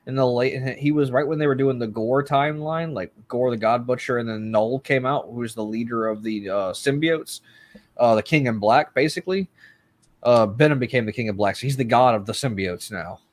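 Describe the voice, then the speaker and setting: A man's voice: mid-range voice, brisk. Matter-of-fact man explaining comic lore. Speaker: podcast co-host. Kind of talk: casual chat.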